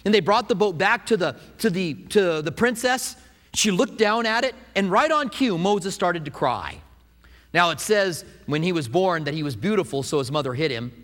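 Animated preacher in an echoing hall. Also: male voice, high voice, normal speed. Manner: animated, conversational, asks the congregation questions. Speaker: pastor. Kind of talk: sermon.

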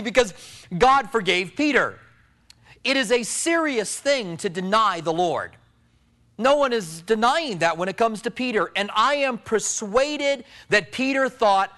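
A male pastor preaching a sermon, storytelling with loud emphasis that drops to low hushed tones. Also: animated, normal speed.

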